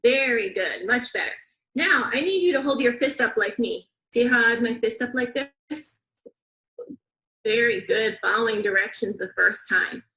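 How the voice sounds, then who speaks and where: A woman teaching young students a phonics lesson, slow, clear and encouraging, with call-and-response counting. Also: on the high side, bright, forceful tone, reverberant, rough recording.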